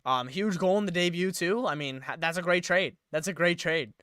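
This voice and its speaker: A man's voice: sits high, normal speed, a bit bright, smooth, no room sound, clean studio sound. A young man rambling through live-stream sports commentary, thinking aloud and getting himself worked up.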